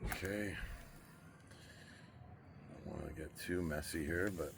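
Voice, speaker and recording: Laid-back man with a very deep voice. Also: takes it slowly, creaky, noisy background. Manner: laid-back, chatty, thinks aloud while working. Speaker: barbecue cook and show host. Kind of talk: casual cooking vlog.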